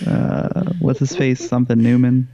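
A man's voice: medium pitch, level tone, normal speed, gravelly, warm tone, dry recording. Easygoing man on a dull lo-fi mic. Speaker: podcast co-host, contestant. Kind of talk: casual banter.

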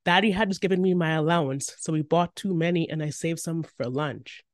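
A woman's voice: low-pitched, fairly quick, no echo, studio quality, lightly acted. A woman reading voicing a sick, playful young boy who chatters eagerly. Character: boy little brother, sick in hospital, playful.

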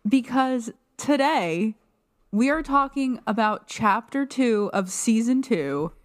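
A woman's voice: a little high, expressive. A woman co-hosting a podcast in casual chat. She jokes playfully and often restarts her sentences. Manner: playful, joking, halting restarts. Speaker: podcast co-host.

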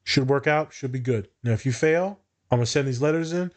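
A man's voice: mid-range voice, fairly quick. Guy therapist on a podcast, swears a lot, blunt, just telling stories. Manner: blunt and profane, tells client stories. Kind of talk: casual podcast chat.

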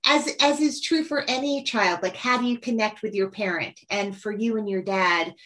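A woman's voice: medium pitch, moderate pace, bright, forceful tone. Enthusiastic woman interviewer. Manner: enthusiastic, long rambling questions. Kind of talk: conversational interview.

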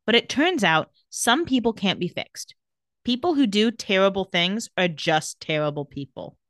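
A woman's voice: mid-range voice, moderate pace, dry recording. Chatty young woman recapping scenes. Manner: retells scenes, quoting characters with lively shifts. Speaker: podcast co-host recapping a TV episode. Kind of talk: casual chat.

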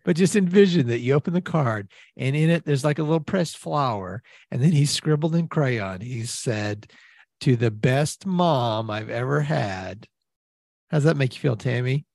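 A co-host in animated banter, his pitch leaping up and down as he teases the guest. The sound is close and dry, with no room around it. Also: vocal fry, dry recording. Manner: animated, teasing, quick to laugh. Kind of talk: improvised comedy banter.

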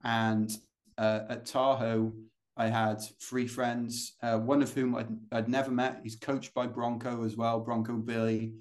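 A British man talks at an ordinary middle pitch as a podcast guest. His answers run long and loose, full of fillers, restarts and asides. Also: flat delivery, a little slow. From United Kingdom. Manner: chatty, rambling, many fillers and restarts. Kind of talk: casual interview storytelling.

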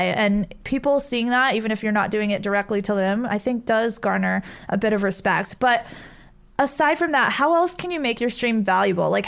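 A woman hosting a casual interview, upbeat and encouraging as she asks questions. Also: medium pitch. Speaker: host, interviewer.

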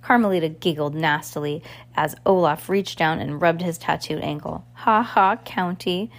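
A woman reading a novel aloud in a halting way, often restarting words. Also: sits low, fairly even intonation, gravelly. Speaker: reader.

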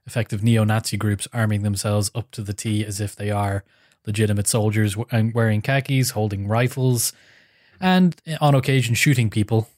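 A man's voice: on the low side, moderate pace, darkish tone, no echo, clean studio sound. A man co-hosting a podcast, talking politics in a wry, storytelling way. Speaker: podcast co-host. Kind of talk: casual political chat.

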